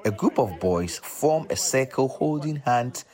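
A man, presenting a radio documentary in an earnest, measured storytelling voice. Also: mid-range voice, expressive, a little mellow. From Ghana. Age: 30s.

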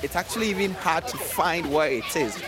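A man, presenting a radio documentary in an earnest, measured storytelling voice. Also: fairly high pitch, expressive, very noisy. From Ghana. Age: 30s.

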